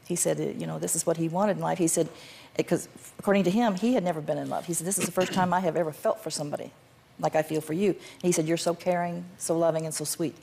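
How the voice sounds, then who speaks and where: A woman's voice: low-pitched, steady tone, quick pace, vocal fry, dark tone, a little hiss or hum. An older woman, a guest on a talk show, answering in a plainspoken, firm way. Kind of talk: candid interview answers.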